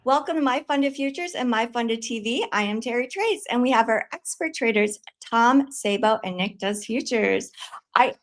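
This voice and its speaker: A woman hosting a trading livestream, cheerful and quick to laugh. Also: on the high side. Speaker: livestream host. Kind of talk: upbeat show hosting.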